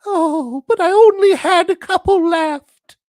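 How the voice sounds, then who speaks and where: A man voicing a talking wallet that whines and begs in a high, squeaky voice. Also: slow pace, a little mellow, no room sound, studio quality. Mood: pleading. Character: whiny pleading talking wallet, frantic, male.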